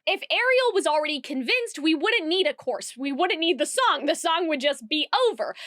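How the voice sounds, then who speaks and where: A woman with a high, bright-sounding voice talks through a song analysis for her video essay. Her delivery is analytical yet chatty, with quick playful asides. The recording is dry and close, with no room sound. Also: no echo.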